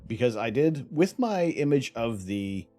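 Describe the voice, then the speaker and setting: A man's voice: medium pitch, very animated, measured pace, warm tone, faint music behind. A man from Canada hosting a casual livestream, rambling through viewer questions with many restarts. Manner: rambling, reads out chat, lots of restarts. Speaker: livestream host.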